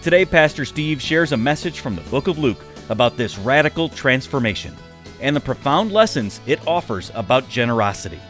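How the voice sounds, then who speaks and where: Male announcer over soft music. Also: medium pitch, lively intonation, fairly quick. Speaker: radio program announcer. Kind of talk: scripted broadcast introduction. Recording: faint music bed behind.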